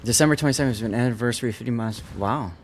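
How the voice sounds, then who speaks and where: A man's voice: medium pitch, racing, soft background music. A man streaming a naval warship game, casually chatting with his viewers and answering their messages between callouts about torpedoes and ranges. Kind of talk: casual live-stream chat while gaming.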